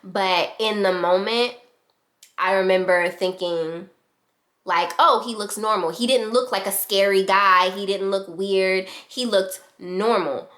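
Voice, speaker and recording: Woman, young adult, vlogger, casual storytime, fast-talking, animated. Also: medium pitch. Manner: fast-talking, animated retelling with quoted voices.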